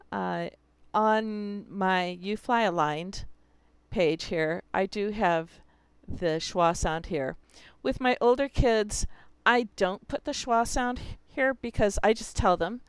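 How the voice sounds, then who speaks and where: A woman's voice: mid-range voice, slow, clean tone, no echo. A woman teacher explaining how she teaches spelling, talking through her students' examples as she goes. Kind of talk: instructional video.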